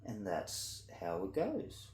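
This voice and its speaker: A man's voice: wildly swooping pitch, takes it slowly, roomy sound. Sweary, ranting Australian man. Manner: blunt, sweary, indignant, swings between loud outbursts and low mutters. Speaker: vlogger. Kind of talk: ranting monologue to camera.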